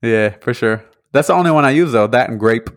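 Man with a lisp, easygoing podcast co-host, mid pitch, dry close sound. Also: animated, fairly quick, no echo. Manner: laid-back, joking, laughs often. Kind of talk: casual chat.

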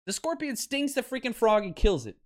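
A man hosting a sports show, delivering an animated, ranting commentary with repeated phrases and casual swearing. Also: very high-pitched, brisk. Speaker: sports podcast host.

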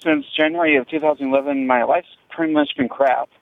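A man's voice: mid-range voice, fast talker, no echo. Earnest man on a tinny phone voicemail. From Denver area. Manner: earnest, steady and plainspoken. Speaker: first-time voicemail caller. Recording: tinny dry phone line.

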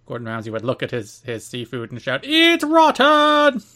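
A man's voice: mid-range voice, level tone, fast talker. Dry, teasing young male podcast host. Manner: dry teasing, mock outrage. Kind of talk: casual podcast banter.

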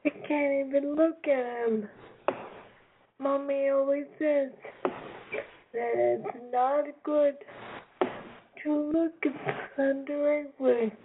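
A woman's voice: high-pitched, steady tone, slow, long pauses. A woman voicing a cautious little girl doll in a storybook, worried and careful. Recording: tinny phone-like recording with noise.

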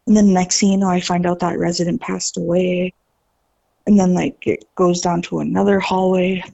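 Gravelly husky woman telling a ghost story. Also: fairly low pitch, moderate pace, lo-fi sound. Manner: animated storyteller with many "like" fillers, mimics voices. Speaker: podcast guest.

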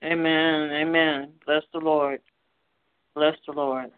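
A woman's voice: sits low, little pitch movement, slow, smooth. A woman hosting a Christian radio interview, affirming her guest with frequent amens and praise. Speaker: radio host. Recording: thin, phone-like line.

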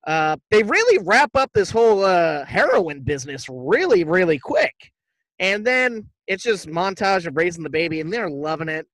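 A man co-hosting a podcast, casually retelling a movie plot in a rambling, profane way and tossing off quick impressions of the characters. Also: high voice, sing-song, fairly bright tone, dry recording, rough recording. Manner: rambling, profane, acts out quotes loosely. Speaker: podcast co-host. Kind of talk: casual movie recap chat.

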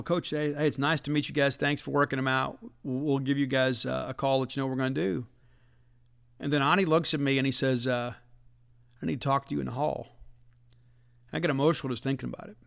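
A man's voice: medium pitch, gravelly, fairly bright tone. A middle-aged man, hosting a casual sports talk show in an earnest, folksy, emphatic way. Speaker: podcast host.

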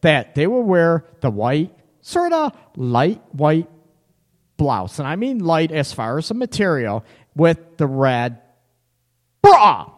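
Male live-show host, playful teaser, slightly high voice, echo-heavy room. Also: huge pitch swings, takes it slowly. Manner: teasing, laughs often, reads out chat comments. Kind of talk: casual live-stream chat. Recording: echoey room with long reverb.

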